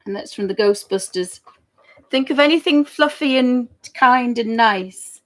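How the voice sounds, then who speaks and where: A woman's voice: on the high side, measured pace. A woman chatting casually and giggling as she draws live for viewers. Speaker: digital artist streamer. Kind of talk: casual chat while drawing live.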